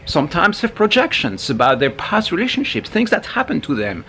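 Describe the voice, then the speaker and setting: A man talking casually to camera as a spiritual teacher, animated, with frequent asides and restarts. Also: high-pitched, fairly quick, a little hiss or hum.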